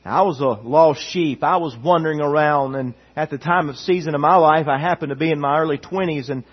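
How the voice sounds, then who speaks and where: A man's voice: a little high, brisk, slightly rough. A man preaching a sermon as pastor, emphatic and repetitive, reading scripture aloud, recorded in dull lo-fi sound.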